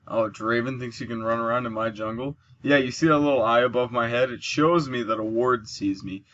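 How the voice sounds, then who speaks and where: A man with a medium-pitched voice narrates his gameplay at a normal speed with few pauses, and the audio has its highs cut off. Though sleepy and yawning, he's chatty, explaining moves and mechanics and getting excited at his kills.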